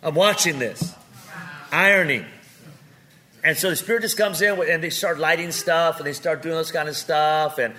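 A man preaching with comic storytelling, animated and joking, swinging from loud to quiet. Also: on the high side, moderate pace.

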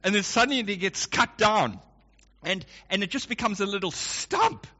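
A man's voice: high voice, moderate pace. A middle-aged man preaching a sermon as pastor, telling stories and acting out quotes as he goes. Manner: lively storytelling with acted quotes. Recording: lo-fi dull recording.

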